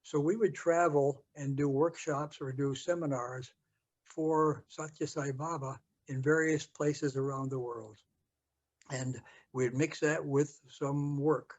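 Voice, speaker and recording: An older American man telling a story from his past in an interview, halting with many fillers and restarts. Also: a little high, fairly even intonation. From United States. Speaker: interview guest. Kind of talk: storytelling recollection.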